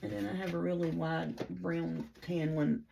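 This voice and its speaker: A woman's voice: lowish voice, steady tone, normal speed, vocal fry, dark tone, a little hiss or hum. A woman chatting casually through a paper craft tutorial, rambling in a folksy way and talking through her own mistakes as she works. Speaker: paper crafter demonstrating a project.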